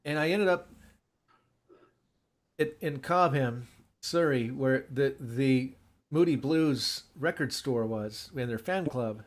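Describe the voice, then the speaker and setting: A man co-hosting a casual group chat, telling rambling, halting stories. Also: medium pitch. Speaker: podcast co-host.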